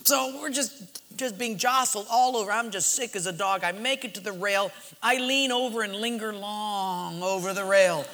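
A pastor tells a sermon story with animated energy, acting out the shouts and laughs himself. His voice sits high and sounds bright. The sound carries a long reverb from a large hall. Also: normal speed.

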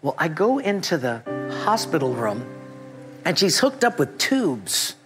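Animated pastor telling a story. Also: male voice, on the high side, measured pace, over music. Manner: animated storyteller, acts out his own past thoughts. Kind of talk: sermon with personal story.

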